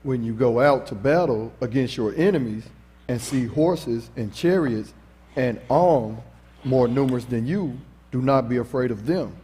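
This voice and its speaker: A man reading scripture aloud slowly and in a measured way during a sermon. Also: mid-range voice, warm tone, breathy edge.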